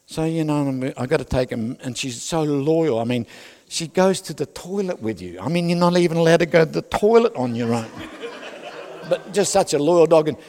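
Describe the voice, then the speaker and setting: A man's voice: on the high side, expressive, moderate pace, a little mellow, in a large hall. An older man with an Australian accent, preaching a sermon full of personal stories, jokes and asides to the congregation. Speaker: pastor.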